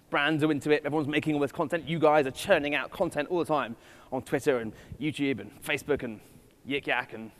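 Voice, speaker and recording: A man with an English accent giving a keynote talk to a live audience, playful and self-mocking in his asides. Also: on the high side. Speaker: conference speaker. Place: festival stage in a large hall. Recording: long reverb of a large hall.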